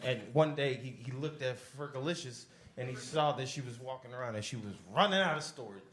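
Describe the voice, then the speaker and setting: A young comedian with a medium-pitched, fairly bright voice moves briskly through a loose, profane, rambling stand-up set, working the crowd. The basement club is echoey, and audience laughter can be heard.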